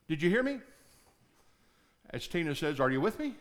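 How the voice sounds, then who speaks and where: A male pastor preaching a sermon, dropping to low murmurs and rising to shouted, pleading prayers. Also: sing-song, normal speed.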